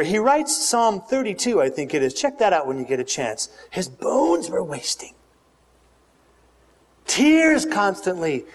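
A male pastor preaches with animated energy, cracking jokes and having the congregation repeat after him. His voice sits notably high. The sound carries a long reverb from a large church hall. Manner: animated, joking, leads audience call-and-response. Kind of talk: sermon.

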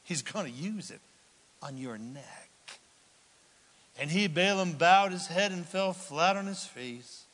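A man preaching a sermon, animated, swinging from loud lines to whispered asides. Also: high voice, takes it slowly, long pauses, long reverb tail. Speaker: pastor.

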